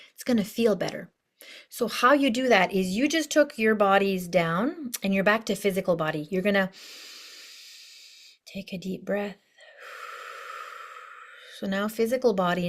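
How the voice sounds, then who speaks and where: A woman life coach teaching an online course lesson in a bubbly, chatty way, full of asides. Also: mid-range voice.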